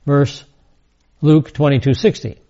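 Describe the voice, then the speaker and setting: A man's voice: fairly high pitch, steady tone, measured pace, warm tone. A man teaching a scripture lesson, reading verses and adding casual asides. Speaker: Bible teacher. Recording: dull lo-fi recording.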